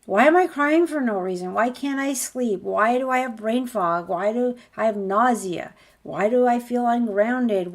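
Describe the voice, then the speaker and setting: A spiritual healer woman speaks to her followers in a sincere motivational tone. She repeats her points and piles up rhetorical questions, her voice sitting slightly higher than most women's. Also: a little mellow. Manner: earnest, repetitive, rhetorical questions. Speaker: spiritual healer promoting a course.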